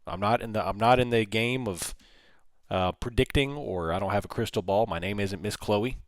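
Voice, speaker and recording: A man hosting a live trading stream, giving animated, folksy market commentary straight to his viewers. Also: lowish voice, moderate pace, dry recording, studio quality. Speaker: options trader hosting a livestream.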